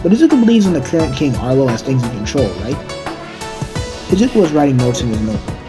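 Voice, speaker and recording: A man reading out a homemade fan story, rambling and restarting his sentences as he goes. His voice sits at a middle pitch, and faint music plays behind him. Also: sing-song, quick pace. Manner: rambling, with restarts and self-corrections. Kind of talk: casual fan-fiction narration.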